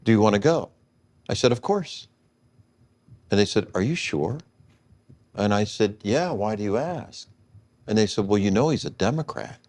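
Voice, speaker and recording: A man's voice: fairly low pitch, animated, moderate pace, pauses often, a little mellow. A man in his sixties telling a long personal story in an interview, acting out the dialogue he quotes. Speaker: guest.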